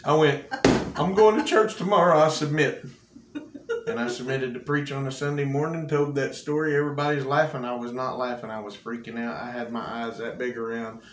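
A man's voice: mid-range voice, flat delivery, quick pace, hardly any pauses. Folksy preacher man, echoey room. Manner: folksy storyteller, laughs often. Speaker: cowboy church preacher. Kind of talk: folksy testimony. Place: church room. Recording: echoey room with faint hum.

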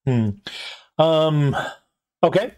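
A man narrating a tabletop game as game master at a live convention show, halting with many ums and restarts. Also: fairly high pitch, animated, darkish tone.

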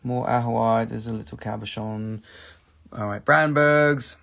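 Man, mid-Atlantic American accent, gravelly, upbeat live-stream seller patter, phone mic. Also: medium pitch, measured pace, fairly bright tone. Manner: chatty, upbeat salesman patter, repeats words. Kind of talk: casual live sales stream. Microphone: phone held in hand.

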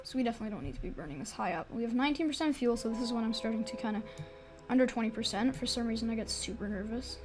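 A woman with a notably high voice talks through her gameplay in a chatty, excitable way, rambling as she goes. She speaks into a desk microphone, and clear music plays underneath her voice. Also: racing. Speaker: gaming YouTuber. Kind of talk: gameplay commentary. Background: background music.

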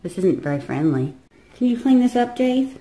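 A woman's voice: fairly high pitch, very animated, moderate pace, warm tone. A woman chatting to her pet parrot, coaxing and scolding it with exasperated, sing-song remarks. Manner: coaxing, exasperated, talks to the bird in a baby voice. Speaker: parrot owner. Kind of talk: casual chat to a pet parrot. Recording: music playing in the background.

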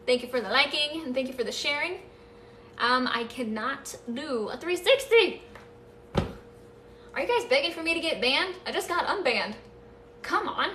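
Bright high-voiced woman live-streaming, echoey room. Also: recorded from a distance, slight background noise. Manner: chatty, thanking viewers, playful nervous laughs. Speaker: livestream host. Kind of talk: casual live-stream chat with viewers.

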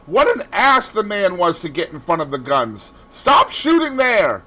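A man voicing a hot-tempered aristocratic hunter who exclaims loudly, in an audiobook reading. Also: mid-range voice, sing-song, moderate pace, breathy edge. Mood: alarmed. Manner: loud and exclaiming.

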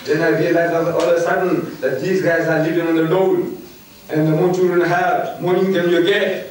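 Older man, high voice, lecturing to students, echoey hall, distant mic. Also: level tone, a little fast, a little mellow. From South Africa. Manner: storytelling, teasing and emphatic. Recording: echoey hall from far off, noisy.

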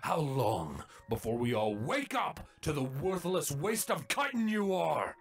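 A man voicing a harsh older male changeling drone, with a sneering, gruff and clipped delivery in a storybook reading. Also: a little high, sing-song, a little slow, voice pushed up, heavily acted. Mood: scornful.

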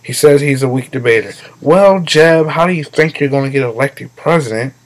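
A man's voice: medium pitch, moderate pace, few pauses, poor audio. A man hosting a comedic commentary monologue, blunt and mocking, cursing freely as he rants. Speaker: host.

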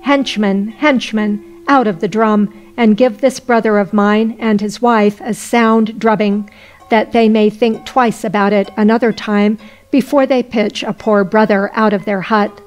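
A woman's voice: mid-range voice, steady tone, unhurried, faint music behind, close to an everyday voice. A woman voicing a simple, stubborn poor man in a folk tale, speaking bluntly in old-fashioned phrases. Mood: commanding.

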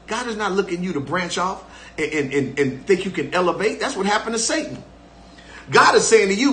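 Older male pastor, ringing bright tone, preaching fervently with call-and-response. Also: high-pitched, expressive, a little fast, roomy sound. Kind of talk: live-streamed sermon.

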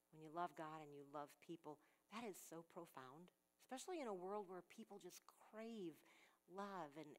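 A woman's voice: fairly low pitch, rough recording. A woman speaking at a women's ministry gathering, giving an earnest devotional talk and repeating key phrases for emphasis.

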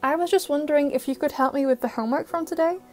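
An earnest teenage boy hero, gentle and urgent by turns, pleading softly, as a woman reads him in an audio fan-fiction story. The voice sits fairly high, with faint music underneath. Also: quick pace, lightly acted.

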